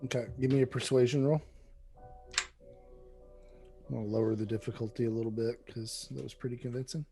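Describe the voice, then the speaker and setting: A man's voice: medium pitch, steady tone, a little fast, creaky, music in the background. A man running a tabletop game as game master, narrating casually.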